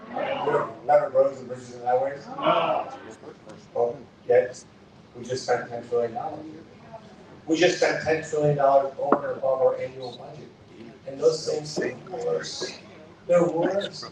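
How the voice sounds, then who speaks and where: A man's voice: medium pitch, noisy background. Man, campaign speech, impassioned, rhetorical questions, very echoey hall, far from the mic. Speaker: political candidate. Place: event hall.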